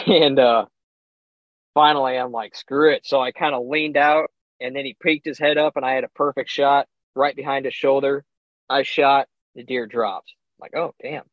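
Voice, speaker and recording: A young man, a podcast guest, telling a hunting story in a casual, animated way, acting out his own reactions and chuckling often. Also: medium pitch, normal speed, no room sound. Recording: slightly dull, dry sound.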